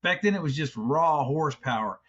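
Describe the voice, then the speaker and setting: Man, middle-aged, podcast co-host, casual rambling chat, swears, slightly high voice, muffled lo-fi sound. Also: expressive, fairly quick, a bit bright, breathy edge. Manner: rambling, swears freely, restarts a lot.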